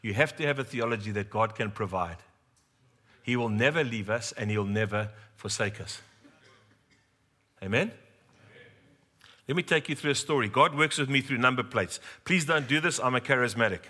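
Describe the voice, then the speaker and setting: A man's voice: medium pitch, normal speed, long pauses, bright, forceful tone, slightly rough. A middle-aged man preaching a sermon, telling a humorous personal story and talking straight to the congregation.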